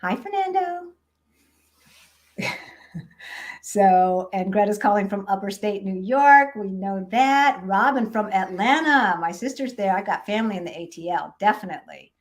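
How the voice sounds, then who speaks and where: A woman's voice: mid-range voice, normal speed. Chatty middle-aged woman greeting viewers. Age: 50s. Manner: lively, laughs often, greets viewers. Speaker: vlogger reading live chat. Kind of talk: casual live-stream chat.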